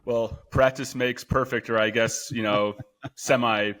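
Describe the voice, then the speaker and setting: A man's voice: mid-range voice, steady tone, unhurried, a bit bright. A male podcast host from Chicago who chats casually, laughs often and rambles through his questions. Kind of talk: casual interview hosting.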